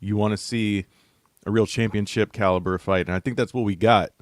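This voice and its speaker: A man's voice: fairly low pitch, fairly even intonation, fairly quick, dry recording, studio quality. A male writer on a panel, giving thoughtful, casual analysis of a fight, often hedging with fillers.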